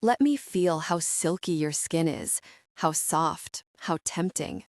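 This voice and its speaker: Brief: woman playing a controlled male lover, steady and commanding, dry close sound. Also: lowish voice, slow, no room sound.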